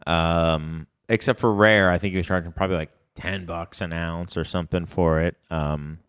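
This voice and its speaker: A man's voice: deep voice, fairly even intonation, moderate pace, fairly bright tone, clean tone, no echo, studio quality. A man co-hosting a podcast in casual chat, rambling and searching for words as he talks. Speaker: podcast co-host.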